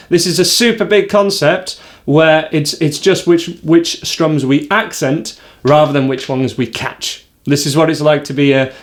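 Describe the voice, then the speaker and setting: A man teaching a guitar lesson, explaining strumming and counting the beats out loud. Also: a little high. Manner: counts and calls out strums aloud. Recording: guitar playing behind.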